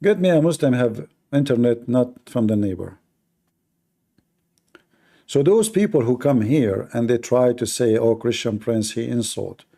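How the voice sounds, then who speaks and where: A man's voice: medium pitch, lively intonation, a little slow, pauses often, mellow. A male livestream debate host who talks in a mocking, combative way, with sarcastic jabs and broken, non-native grammar. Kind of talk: combative live debate talk.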